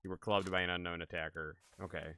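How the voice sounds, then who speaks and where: A man's voice: sits low, flat delivery, fast, sharp tone, smooth. A man streaming a game, joking with chat and thinking aloud as he plays. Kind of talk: casual gaming stream chat.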